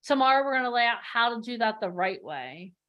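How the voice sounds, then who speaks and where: Woman, co-host, high voice, upbeat, chatty, filler words. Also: very animated, brisk, highs cut off. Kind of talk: announcing to a live audience.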